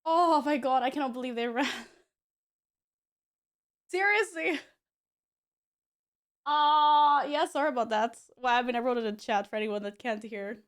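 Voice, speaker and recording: High, unhurried bubbly woman streamer. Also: clean tone. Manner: bubbly, giggly, apologetic. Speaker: live streamer. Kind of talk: casual stream chat.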